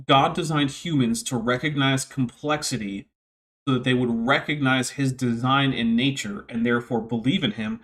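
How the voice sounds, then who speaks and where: A man hosting a casual stream, reacting to a debate clip with sarcastic, animated asides. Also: mid-range voice, moderate pace. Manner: sarcastic, animated mock quoting. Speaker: host.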